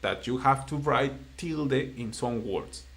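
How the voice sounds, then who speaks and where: Male tutor, gravelly voice, patient and encouraging with a beginner. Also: mid-range voice, a bit bright. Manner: patient, encouraging, explains slowly in simple English. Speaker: Spanish teacher. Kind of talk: live-streamed online language lesson.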